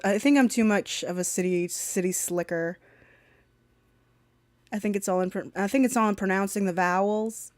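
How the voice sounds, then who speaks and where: A woman's voice: medium pitch, normal speed, a little mellow, dry recording, studio quality. A woman from the Southern United States chatting casually on a stream, swearing freely, teasing, and laughing often.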